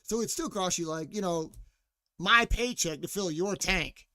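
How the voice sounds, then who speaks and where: A man's voice: sits high, unhurried, pushed and bright, no echo, clean studio sound. A man ranting casually as a podcast host, profane and mocking, full of fillers like "like" and asides to listeners. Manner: responds to chat or co-host mid-rant.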